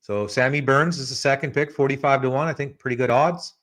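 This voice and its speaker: A man's voice: medium pitch, a little fast. Easygoing man hosting a podcast. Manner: relaxed and chatty, addresses co-host by name. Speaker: podcast host giving betting picks. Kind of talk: casual podcast chat.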